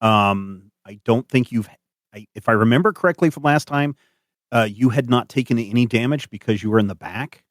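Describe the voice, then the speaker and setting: A man narrating as game master of a tabletop game, animated and hesitant with many fillers. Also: medium pitch, normal speed, no room sound, studio quality.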